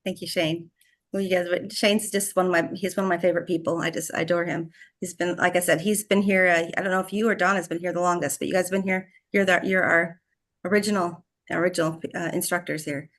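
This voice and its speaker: A woman's voice: fairly low pitch, steady tone, fast talker, fairly bright tone. A woman hosting an online community call, effusive, praising and openly emotional. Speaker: host. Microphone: video call.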